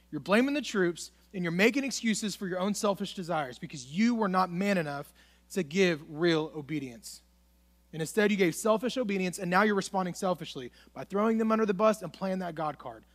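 Animated, high-voiced young pastor preaching. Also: male voice, moderate pace. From United States. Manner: casual, conversational preaching, dramatizes Bible dialogue. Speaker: student pastor. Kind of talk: sermon.

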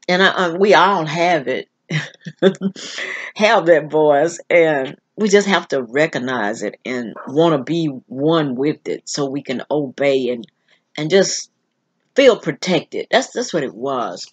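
A woman hosts her own vlog and retells a personal story in an earnest, halting way. Her voice is husky and somewhat low. She speaks very slowly. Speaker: vlog host.

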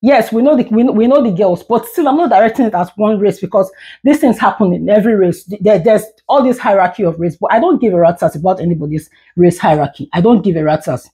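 A woman's voice: mid-range voice, fast talker, mellow. A woman in her thirties, a parent vlogger, ranting to the camera in a candid, emphatic way, often repeating words when heated. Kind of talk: candid talking-head rant.

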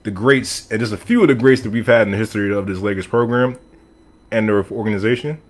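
A man hosting a podcast alone, talking sports in a casual, animated and opinionated way. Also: on the low side, quick pace. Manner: animated, opinionated, talks straight to the audience. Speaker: podcast host. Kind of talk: casual sports talk monologue. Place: room with a team flag on the wall.

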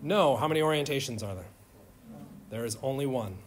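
A man's voice: mid-range voice, lively intonation, fairly quick, a little hiss or hum. A man lecturing a chemistry class in an informal, joking way, firing questions at his students. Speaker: chemistry instructor.

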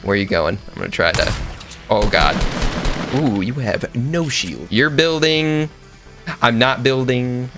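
A young man giving goofy, excitable commentary over his own gameplay, joking along and breaking into sudden high yelps. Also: slow pace. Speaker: gaming streamer. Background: background music.

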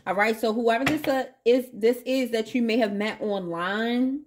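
A woman reading tarot for her audience in a loose, chatty way. Her voice sits a little higher than most, and she keeps slipping in playful asides and pet names for her viewers. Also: normal speed, noisy background. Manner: chatty, playful, addresses viewers as baby and y'all. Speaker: tarot reader.

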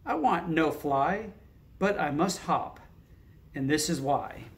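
A man's voice: fairly high pitch, expressive, slow pace. A man voicing a nervous frog fleeing a cat, in a plain storybook reading voice.

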